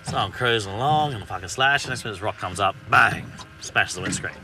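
Man, low voice, distant mic, music behind, sweary animated storytelling. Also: quick pace. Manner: swearing, laughing, animated retelling. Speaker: podcast guest. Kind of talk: casual storytelling.

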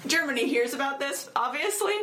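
A woman casually retelling a story in a chat, animated and laughing often. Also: sits high, brisk, music in the background. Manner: animated, laughs often, acts out quoted voices.

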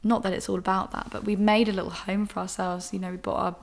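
Frank young woman, flat delivery. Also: medium pitch, fast, gravelly. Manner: frank and emotional, swears casually. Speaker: podcast host. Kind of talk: candid personal monologue.

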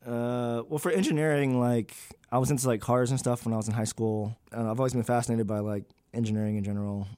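A man's voice: medium pitch, fairly even intonation, fast talker, hardly any pauses, a little mellow, clean tone, no room sound. A young man, a graduate student, talking candidly in an interview, with many fillers and loose, rambling sentences. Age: young adult.

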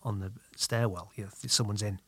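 A British man chatting casually on a podcast, telling stories in a reflective way that often drops low and quiet. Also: steady tone, fairly quick, slightly rough, dry recording. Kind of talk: casual chat.

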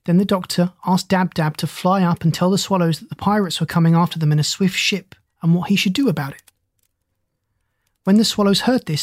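Husky storybook narrator, steady reading, dry close sound, middle pitch. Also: no room sound. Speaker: audiobook narrator.

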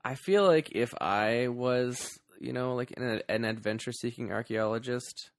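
A man's voice: mid-range voice, moderate pace, dry recording, clean studio sound. A man co-hosting a casual movie podcast, trading playful banter and laughing often. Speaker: podcast co-host.

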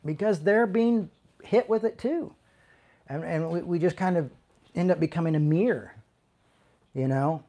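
A man, a pastor, talking candidly and conversationally, often trailing into "you know" and restarting his sentences, moving between quiet reflection and sudden raised emphasis. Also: a little high, measured pace, long pauses. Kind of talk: candid personal talk.

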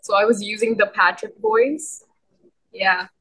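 A woman co-hosting a podcast, telling a story in a casual, excitable way with lots of giggles. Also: mid-range voice, measured pace, slightly rough, poor audio. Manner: giggly and excitable, many fillers. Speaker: podcast co-host.

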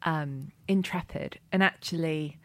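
Lowish voice woman, wry and a bit sheepish, dry close sound. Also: unhurried, no room sound. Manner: wry, apologetic asides. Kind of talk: casual chat.

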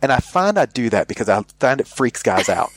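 A man's voice: mid-range voice, big pitch swings, a little fast, no room sound. An American man telling a candid story in casual chat, rambling with many fillers and restarts. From United States.

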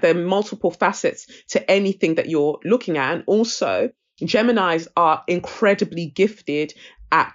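Brief: woman guest, blunt and lively chatter, slightly dull lo-fi sound. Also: lowish voice. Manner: direct, animated storyteller who puts on voices. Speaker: podcast guest. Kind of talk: casual chat.

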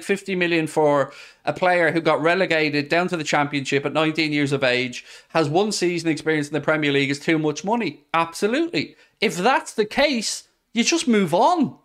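A man, hosting a podcast, ranting about football in a heated, sarcastic way. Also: on the high side. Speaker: podcast host. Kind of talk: passionate football rant.

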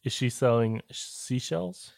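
A player in a tabletop game, speaking casually in a slow, drawn-out way. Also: mid-range voice, vocal fry, darkish tone.

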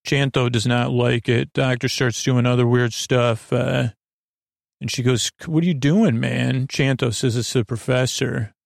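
A man recaps a show for a sleep podcast in a drowsy, meandering, deadpan ramble. His voice is gravelly with a touch of fry. The sound is dry and close. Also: mid-range voice, a little slow, dry recording. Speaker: podcast host.

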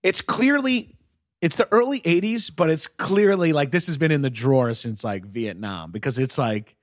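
A man's voice: on the high side, lively intonation, moderate pace. A man who is a guest on a podcast, joking in casual chat, laughing often and swearing.

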